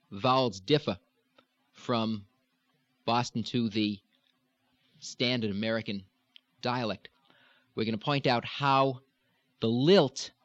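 A man teaching accent patterns in a measured, explanatory lecture, stretching out sounds to demonstrate them. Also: mid-range voice, no room sound. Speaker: dialect coach. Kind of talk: instructional lecture. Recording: dull lo-fi dry recording.

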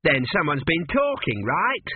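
A man's voice: medium pitch, big pitch swings, measured pace, husky, exaggerated voice. A man voicing a grumbling, muddled sphinx. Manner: grumbling, doubtful, easily flustered. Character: fussy, slow-witted male sphinx guarding riddle. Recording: tinny phone-like audio.

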